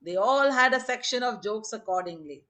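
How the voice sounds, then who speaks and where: A woman's voice: on the high side, expressive, moderate pace, bright, forceful tone. A woman reading anecdotes aloud on a video call, laughing often and acting out the quotes. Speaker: storyteller on a group video call.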